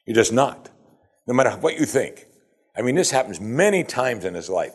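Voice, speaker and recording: Husky-voiced preacher with a lively delivery. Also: male voice, fairly low pitch, normal speed. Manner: conversational, acts out quoted speakers. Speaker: preacher teaching from scripture. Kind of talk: sermon.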